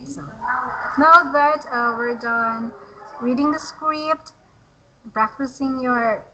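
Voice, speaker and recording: Patient, slow-speaking woman English tutor. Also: high-pitched, muffled recording, crowd noise. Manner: patient, encouraging, repeats words slowly to model them. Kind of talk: online English lesson.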